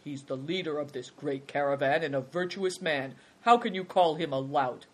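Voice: mid-range voice, moderate pace, lightly acted. A storyteller voicing a stern, formal traveler who disapproves of rudeness. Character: stern, proper traveler in green coat.

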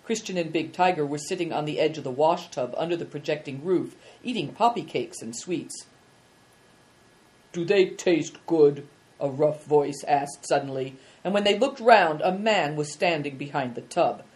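Low-voiced woman reading a storybook. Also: lively intonation, moderate pace, a little mellow. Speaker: narrator. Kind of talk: audiobook reading.

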